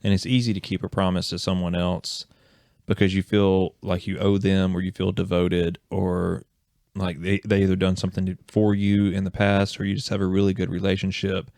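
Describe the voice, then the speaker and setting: A man's voice: deep voice, monotone, normal speed, vocal fry, darkish tone, no echo, studio quality. A man co-hosting a casual podcast, talking in a rambling, encouraging way and often correcting himself. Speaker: podcast co-host.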